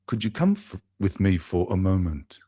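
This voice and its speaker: A man voicing a calm, insistent German man in a story, some lines whispered. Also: sits low, normal speed, no echo, studio quality. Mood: gently urging.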